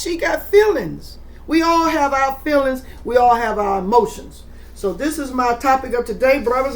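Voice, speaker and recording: A middle-aged woman hosting a podcast, talking in an animated, rambling, preachy way with swooping emphasis. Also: fairly high pitch, slight background noise. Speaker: podcast host. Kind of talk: casual monologue.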